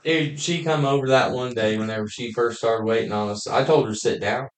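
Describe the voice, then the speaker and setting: Folksy, profane man in an echoey room. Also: mid-range voice. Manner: fast-talking, profane, folksy. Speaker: podcast co-host. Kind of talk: casual banter.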